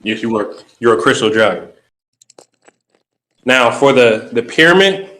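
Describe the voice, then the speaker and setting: A man hosting and interpreting a dream in a measured, halting, explanatory way. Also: medium pitch, animated, fairly bright tone, echoey room. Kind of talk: spiritual interpretation chat.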